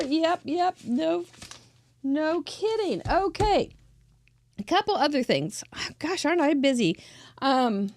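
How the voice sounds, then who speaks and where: A woman's voice: high-pitched, gravelly. A woman hosting a craft show, chatting in an effusive, gushing way and laughing often as she shows cards from viewers. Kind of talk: casual live-show chat.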